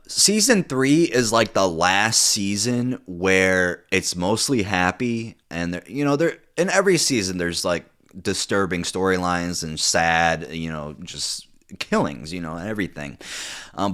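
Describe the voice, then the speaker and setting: A man's voice: deep voice, a bit bright. A young man reviewing a TV show in casual, rambling commentary, swearing freely and full of fillers and restarts.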